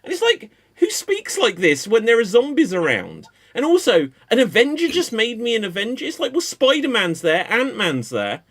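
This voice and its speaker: A man hosting a live panel show, chatting casually about TV in an animated, rambling way that turns mocking. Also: extremely high pitch, normal speed, hardly any pauses. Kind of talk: casual pop-culture chat.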